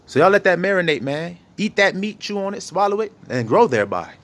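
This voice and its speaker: A man's voice: high-pitched, fairly quick. A man from the giving a casual, profane street sermon to his viewers, acting out arguments between partners. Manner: animated, profane, acts out quoted arguments. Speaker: online preacher.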